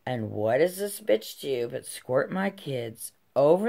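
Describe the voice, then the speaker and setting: Low, slow-talking woman telling a story. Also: sing-song, vocal fry, mellow. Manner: profane, heated, conversational. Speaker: channel host telling a personal story. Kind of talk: casual storytelling vlog.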